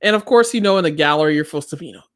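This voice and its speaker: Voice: medium pitch, rapid-fire, smooth, dry recording, studio quality. A co-host in a casual chat, telling stories with animation and breaking into squealing impressions of other people. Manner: animated storyteller who mimics others with squeals.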